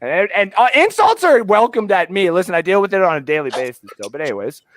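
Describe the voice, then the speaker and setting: A man's voice: high-pitched, very animated, quick pace, a little hiss or hum. A man from Canada hosting a live sports talk stream, joking and rambling with restarts. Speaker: podcast host. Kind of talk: casual live-stream chat.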